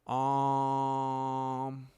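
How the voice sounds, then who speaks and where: A man's voice: mid-range voice, completely flat delivery, very slow, mellow, clean tone. A man hosting a casual livestream, rambling and reacting to the chat with lots of ums. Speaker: livestream host. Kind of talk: casual live-stream chat.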